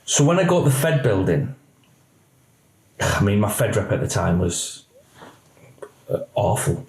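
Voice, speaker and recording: Ex-cop, animated storyteller. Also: male voice, lowish voice, unhurried, reverberant, poor audio. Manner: animated storyteller acting out quoted dialogue. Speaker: guest, former police officer. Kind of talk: candid podcast interview.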